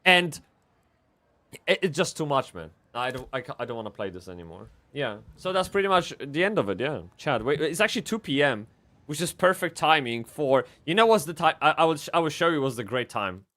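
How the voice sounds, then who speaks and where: A man streaming a game live, rambling and swearing as he swings from excited yelling to low muttering. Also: brisk. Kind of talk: live gameplay commentary.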